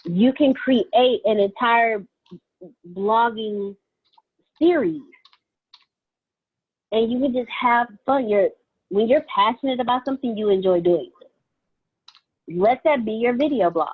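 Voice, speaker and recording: Woman co-host, upbeat and chatty, slightly high husky voice, tinny phone-like sound. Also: slow pace, long pauses. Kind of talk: casual talk.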